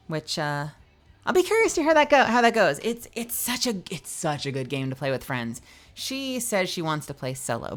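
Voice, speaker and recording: A woman's voice: mid-range voice, fairly bright tone. A woman livestreamer chatting casually and playfully with her viewers, greeting people and joking around.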